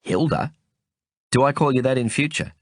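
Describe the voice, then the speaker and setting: A man's voice: mid-range voice, moderate pace, dry recording, studio quality, voice pushed up, lightly acted. A man voicing a bruised, bewildered hospital patient who reacts with startled disbelief in an audiobook reading. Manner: startled and incredulous.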